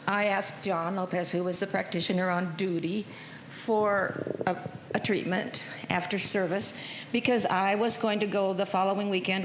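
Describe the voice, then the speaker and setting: An older woman telling a chatty, folksy personal testimony to a church congregation. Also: mid-range voice. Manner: chatty, folksy storyteller, emotional. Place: church sanctuary. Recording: echoey church hall with faint noise.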